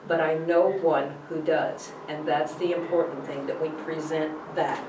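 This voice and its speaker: A middle-aged woman teaching a class in a lively, coaxing way, her voice a little low. She is recorded from across an echoey room, with faint ambient noise behind her. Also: a little slow, far from the mic. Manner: lively, coaxing, checks in with "okay?". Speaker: Bible college teacher.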